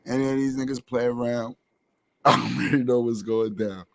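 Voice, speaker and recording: A man trading jokes in relaxed podcast banter. His voice sits in a middle register and sounds close and dry, with no room around it. He laughs at his own lines and talks loud and loose. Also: mid-range voice, moderate pace, no echo. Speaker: podcast co-host. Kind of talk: casual banter.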